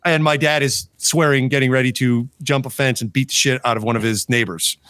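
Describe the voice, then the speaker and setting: A man's voice: mid-range voice, fairly even intonation, a little fast, a bit bright, clear, resonant tone, no room sound. A man co-hosting a podcast, telling a long story in casual chat, swearing often and breaking into laughter. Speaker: podcast co-host.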